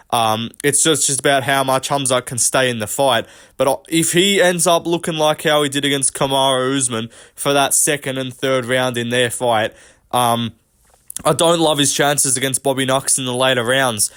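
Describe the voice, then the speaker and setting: A man's voice: medium pitch, fairly bright tone. A young man giving a casual, sweary MMA reaction with lots of fillers. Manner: loose, sweary banter with frequent fillers. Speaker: MMA commentator.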